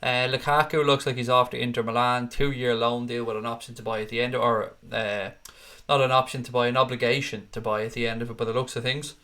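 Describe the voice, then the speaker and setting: A man's voice: mid-range voice, little pitch movement, brisk, sharp tone. A man, chatting casually as host of a live stream and reading out viewer comments. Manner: chatty, casual, swears freely.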